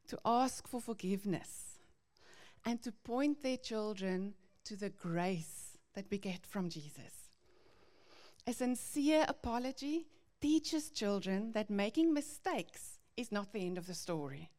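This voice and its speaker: Slow, earnest woman teaching on faith. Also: mid-range voice. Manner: earnest, gently confessional, reads Bible verses. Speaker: speaker teaching parents. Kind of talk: devotional teaching talk.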